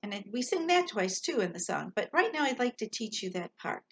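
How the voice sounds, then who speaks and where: A woman's voice: medium pitch, very animated, soft background music. A woman leading a Sunday school class, patiently teaching a children's song line by line with a ukulele on a dull, lo-fi recording. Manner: slow, patient, sings lines then talks through them. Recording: dull lo-fi sound with loud ukulele.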